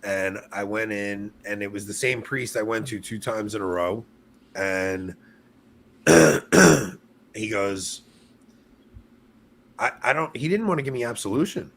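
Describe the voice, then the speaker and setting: A man with a somewhat low voice hosts a casual podcast chat. He speaks candidly and openly, as if telling friends a personal story. He sounds like he is on a video call. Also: expressive, measured pace, pauses often, a bit bright.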